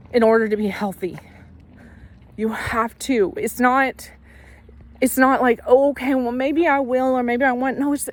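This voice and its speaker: A woman giving a casual, earnest faith and fitness pep talk while out on a walk. She repeats herself and corrects herself as she goes. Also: fairly high pitch. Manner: earnest, repetitive, self-correcting; walking while talking. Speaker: faith vlogger.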